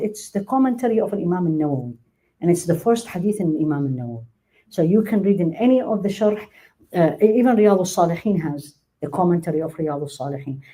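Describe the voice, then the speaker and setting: Middle-aged woman teaching faith class, warm low-toned voice, acts out quotes. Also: rough recording. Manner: animated, acts out quoted speech, laughs often. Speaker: Islamic teacher. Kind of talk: religious lecture to a live class.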